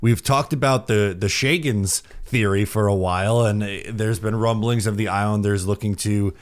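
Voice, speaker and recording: A man's voice: lowish voice, fairly even intonation, moderate pace. A man co-hosting a hockey podcast, talking in a rambling, upbeat way with plenty of fillers. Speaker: podcast co-host. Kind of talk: casual hockey podcast chat.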